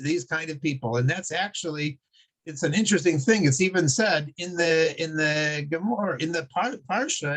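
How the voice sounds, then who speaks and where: A man teaching a Torah class, telling stories in a halting way with many restarts and frequent chuckles. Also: fairly high pitch. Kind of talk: religious class with storytelling.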